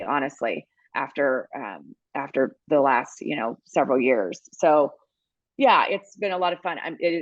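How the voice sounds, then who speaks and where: A woman's voice: low-pitched, no room sound, muffled recording. A middle-aged woman co-hosting a podcast, telling stories in a rambling, emotional way with many restarts. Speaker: podcast co-host and baseball team reporter. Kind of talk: casual chat.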